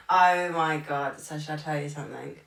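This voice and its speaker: Low, gravelly woman telling stories. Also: steady tone, measured pace, fairly bright tone. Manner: chatty storytelling, acting out what others said. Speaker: podcast co-host and primary school teacher. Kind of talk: casual podcast chat. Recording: echoey room, far from the mic.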